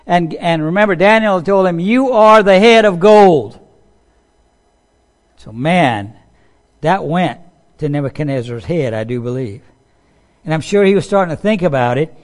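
A man's voice: a little high, animated, normal speed. A man preaching a sermon, talking casually to his listeners, acting out quotes and asking them questions. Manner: conversational, acts out quotes, asks the audience.

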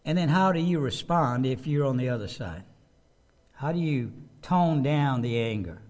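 A pastor preaches conversationally, frequently repeating words and putting questions to his listeners. His voice is medium-pitched, darkish, and lively in intonation at a moderate pace, recorded through a microphone with a loose connection.

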